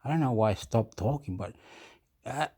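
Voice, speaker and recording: A man ranting off the cuff as a video commentator, excitable and profane, repeating himself and often clearing his throat. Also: medium pitch, moderate pace. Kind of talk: rambling off-the-cuff rant.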